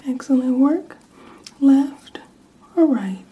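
A woman in a whispered role-play, acting as an examiner who gives a hearing test and whispers words softly into each ear. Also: a little high, highs cut off, slight background noise. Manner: soft, slow and soothing, whispering word lists into each ear.

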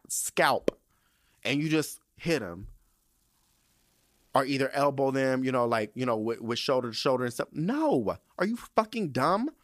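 A young man telling a story to his podcast audience in a casual, profane and animated rant. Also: medium pitch, no echo, studio quality. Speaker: podcast host.

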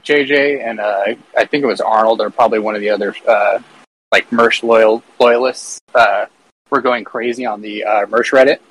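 A man's voice: lowish voice, fairly even intonation, normal speed, a bit bright, rough recording. A man appearing as a podcast guest, telling a story in a laid-back, casual way.

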